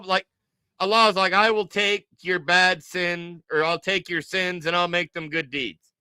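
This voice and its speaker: A man hosting a livestream, mocking and joking through his reaction commentary. His voice is high, bright and smooth, and he drawls his jokes out slowly. The sound is close and dry. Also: steady tone, no echo. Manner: teasing, joking, drawn-out repetition. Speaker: livestream host.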